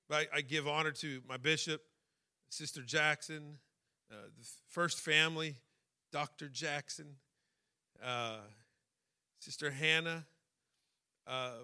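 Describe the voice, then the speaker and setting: A man preaching a sermon, emotional and personal, building to shouted fervor. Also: fairly high pitch, clean tone.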